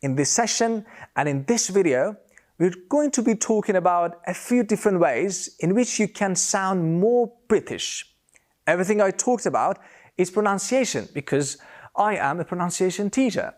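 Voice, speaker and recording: A man's voice: high-pitched, lively intonation, moderate pace. A man teaching British English pronunciation, speaking carefully and repeating example words to demonstrate sounds. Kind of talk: scripted lesson to camera.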